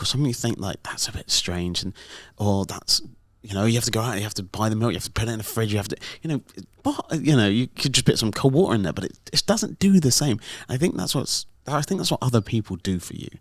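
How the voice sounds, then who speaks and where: In a lowish voice with no echo, a middle-aged man wanders through stories on his podcast, casual talk packed with fillers.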